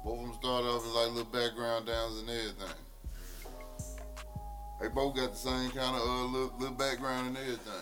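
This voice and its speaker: A man's voice: mid-range voice, brisk, music in the background. A man from Memphis telling loose, profane stories in a casual podcast chat. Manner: animated, loose, profane storytelling.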